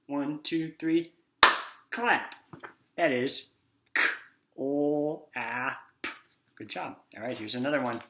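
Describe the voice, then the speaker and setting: Slow-speaking man teaching phonics to kids. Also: mid-range voice, a bit bright. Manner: slow, sounds out letters and acts out words. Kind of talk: children's phonics lesson.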